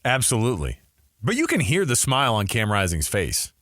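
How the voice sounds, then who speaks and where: A man's voice: medium pitch, huge pitch swings, a little fast, a bit bright, soft background music. A man hosting a radio sports show, chatting casually and joking with his co-host. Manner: joking, laughs often. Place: radio studio.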